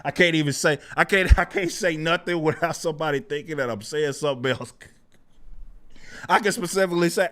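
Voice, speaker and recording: A man hosting a livestream, talking in a casual, animated rant. He sounds incredulous, laughs often, swears freely, and swings between loud exclamations and low muttering. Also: a little fast. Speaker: livestream host.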